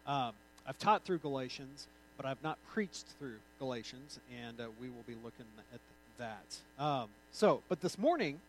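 A man's voice: a little high, a little hiss or hum, low-quality recording. A male pastor giving an informal, conversational sermon with joking asides.

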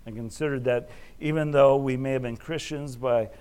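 Man, middle-aged, sermon, conversational storytelling, halting restarts. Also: mid-range voice, fairly even intonation, a little mellow, clean tone. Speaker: preacher. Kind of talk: sermon with personal stories. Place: Alaska.

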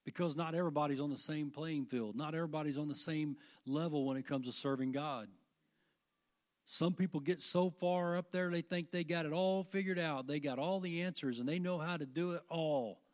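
A man's voice: fairly high pitch, fairly quick. An older man preaching a sermon to his congregation, with fervent delivery that rises and falls. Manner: fervent, rising and falling delivery.

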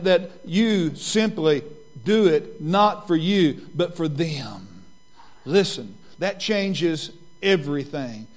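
A man in his sixties preaching a sermon as pastor, earnest and repeating his key points, slowing down for emphasis and then speeding through asides. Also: a little high. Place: church sanctuary.

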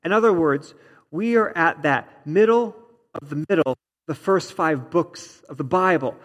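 A man's voice: on the high side, measured pace, in a large hall. A man preaching a sermon in an emphatic, teacherly way, repeating words for stress. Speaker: pastor.

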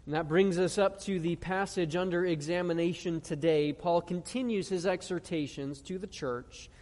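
A pastor preaching a sermon in an earnest tone. He asks the congregation questions and reads scripture slowly, stressing each phrase. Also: high-pitched, a little mellow. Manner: earnest preaching with rhetorical questions and slow emphatic scripture reading. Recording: long reverb of a large hall.

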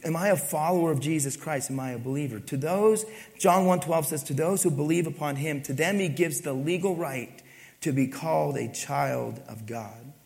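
A man's voice: on the high side, moderate pace, gravelly, darkish tone. A man preaching a sermon, asking the congregation questions and pressing his points with emphasis. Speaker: pastor. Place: church. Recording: long reverb of a church hall.

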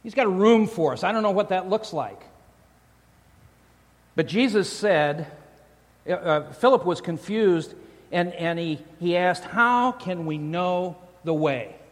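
A man preaches with a fairly high voice, chatty and joking, often stopping to restart a phrase. His sermon carries a long reverb from a large church hall. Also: expressive, a little slow, pauses often. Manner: conversational, joking, frequent restarts. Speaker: pastor. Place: church sanctuary.

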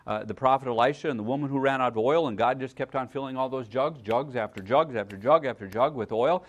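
A man delivering a sermon in a mid-pitched voice, teaching in a conversational way and often asking his listeners whether they follow. His volume swings from loud emphasis to hushed asides, and he stumbles and repeats words as he thinks aloud. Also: fast. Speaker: pastor.

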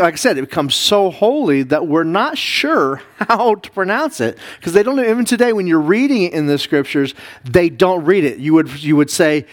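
A man, a pastor, teaching a Bible class, explaining Hebrew words slowly with many fillers and restarts. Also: fairly high pitch. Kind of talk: classroom lesson reading Hebrew.

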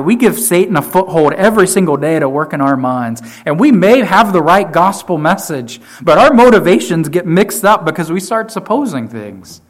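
A man preaching a sermon to his church, emphatic, often repeating key phrases and swinging from loud to quiet. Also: sits high. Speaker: pastor.

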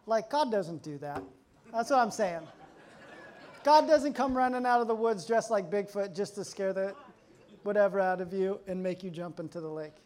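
Animated storytelling male pastor. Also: high-pitched, normal speed, a faint crowd. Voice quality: conversational, animated storyteller acting out quotes. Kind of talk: sermon.

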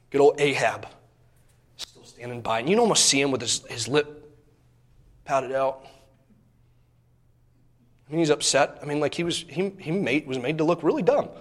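A man preaching a sermon, retelling a Bible story with lively storytelling and acted-out characters. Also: on the high side. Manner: animated storytelling, acts out biblical characters.

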